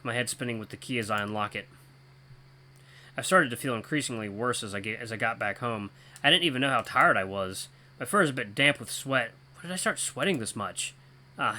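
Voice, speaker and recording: A man reading a visual novel aloud in a lively, wry way as host of a gaming channel. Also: medium pitch, a little fast. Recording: faint guitar music behind.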